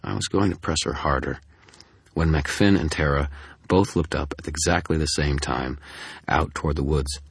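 A man narrating a first-person audiobook in a steady, dry storytelling manner. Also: very deep voice, normal speed, gravelly, slightly rough, dry recording.

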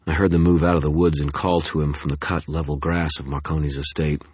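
A man reads a first-person audiobook in a wry, tense storytelling manner. His voice is extremely low with a husky grain. The recording is close and dry. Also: flat delivery, brisk, darkish tone, no room sound. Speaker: audiobook narrator.

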